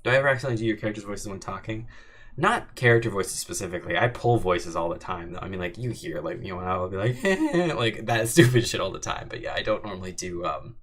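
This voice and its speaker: A man's voice: fairly low pitch, animated, fast, fairly bright tone. A young man from Arizona casually answering chat questions on his livestream, laid-back and rambling with lots of filler words. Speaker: audio drama creator hosting a live stream.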